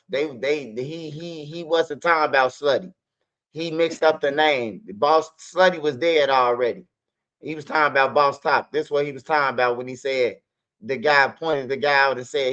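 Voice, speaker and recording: A man's voice: fairly high pitch, moderate pace, fairly bright tone. A man hosting a stream, talking in rambling casual commentary with street slang and repeated words. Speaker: streamer host. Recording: dull lo-fi stream audio.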